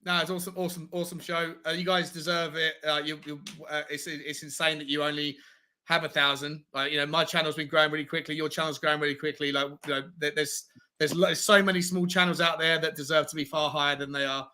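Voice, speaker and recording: A man's voice: on the high side, level tone, fast talker, sharp tone. A man guesting on a casual livestream chat, enthusiastic, swearing and telling anecdotes.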